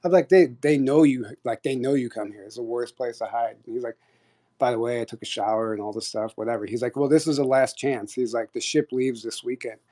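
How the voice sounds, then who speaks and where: A man's voice: medium pitch, fast. Rambling man telling a wild story. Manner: rambling, animated, full of "like" and restarts. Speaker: guest storyteller on an audio chat. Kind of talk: casual storytelling.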